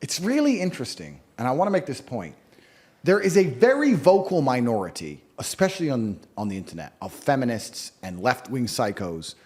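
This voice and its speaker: Man, interview guest, lively pitch, emphatic, opinionated. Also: brisk. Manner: animated, swings pitch up high for emphasis.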